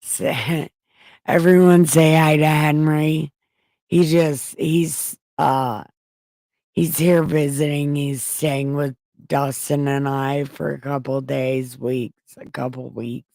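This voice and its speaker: A woman's voice: deep voice, little pitch movement, takes it slowly, vocal fry, warm tone, no room sound. A woman livestreaming from home, reading scripture in a casual, irreverent way, crude and joking as she talks.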